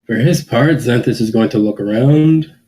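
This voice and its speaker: A man's voice: mid-range voice, normal speed, dark tone, a little hiss or hum, low-quality recording. A man playing in a tabletop game, casually describing his character's actions. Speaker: player.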